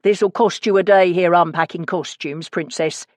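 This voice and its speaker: A man's voice: sits high, steady tone, moderate pace, dry recording, lightly acted. A woman doing a brusque theatre man. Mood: brisk. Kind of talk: audiobook character reading.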